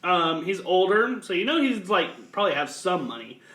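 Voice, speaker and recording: A man's voice: sits high, big pitch swings, normal speed, fairly bright tone, reverberant, low-quality recording. A man from the US Midwest co-hosting a podcast, crude and joking in casual chat. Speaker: podcast co-host.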